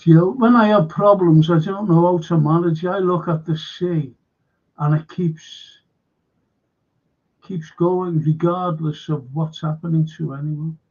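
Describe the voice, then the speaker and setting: A man hosting a live-streamed show, telling a rambling story in a halting way and repeating words for emphasis. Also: a little high, steady tone, darkish tone, muffled recording. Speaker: host of a live-streamed current affairs show. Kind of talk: casual rambling storytelling to viewers.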